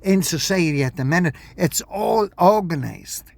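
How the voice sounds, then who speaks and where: Man, vlog rant, swearing, repetitive, slightly raised pitch. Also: expressive, moderate pace, vocal fry, no echo. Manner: agitated, swearing, repeats himself. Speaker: vlogger. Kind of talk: rambling monologue to camera.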